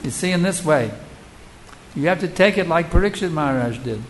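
A man's voice: fairly high pitch, expressive, a little fast, slight background noise, low-quality recording. A man who is a spiritual teacher, answering audience questions in a devotional lecture. He speaks rhetorically and emphatically, often asking his listeners questions.

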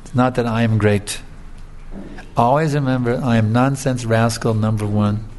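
Guy preaching, telling a story all casual, keeps tossing in little tags, mid pitch. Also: moderate pace, slight background noise. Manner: conversational, frequent filler tags, lively storytelling. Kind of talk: sermon with storytelling.

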